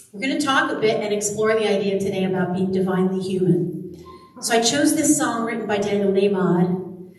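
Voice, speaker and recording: A woman's voice: mid-range voice, a little hiss or hum. A woman minister opening her sermon with joking asides. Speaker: guest minister and singer. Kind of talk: sermon with chatty asides, then singing. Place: church sanctuary. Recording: far-off mic in echoey hall with loud music. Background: instrumental music.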